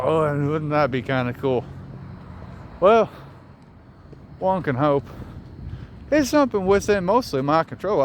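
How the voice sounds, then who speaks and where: A young man with a Southern accent, rambling and reflective as he walks down a city street, talking to a phone, swearing casually. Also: medium pitch. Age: young adult. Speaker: vlogger. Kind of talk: casual walking vlog monologue. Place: outdoors on city streets, passing traffic. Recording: faint street and traffic noise.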